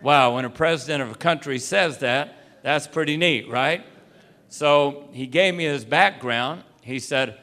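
A man preaching an unscripted sermon, telling folksy stories and acting out the voices of the people in them. He clears his throat often. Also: fairly high pitch, measured pace, sharp tone. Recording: long hall reverb.

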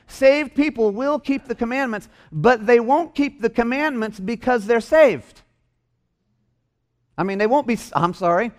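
A man's voice: extremely high pitch, unhurried. A man preaching a sermon in a church, stressing and repeating his key phrases. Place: church hall.

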